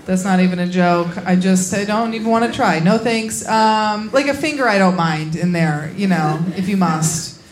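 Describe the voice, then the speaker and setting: A young woman performing a live stand-up set on a club stage, blunt and crude, with deadpan punchlines into a handheld mic. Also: medium pitch, moderate pace, background noise. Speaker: stand-up comedian. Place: comedy club stage, laughing audience.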